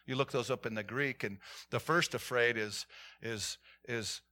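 A male pastor preaching a sermon to his church, telling stories with animation and dropping from loud calls to hushed points. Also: mid-range voice, a little slow.

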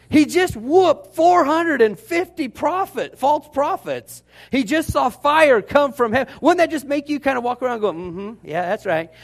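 A man preaching a Baptist sermon, telling the story in an animated, joking way. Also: very high-pitched. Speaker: Baptist pastor.

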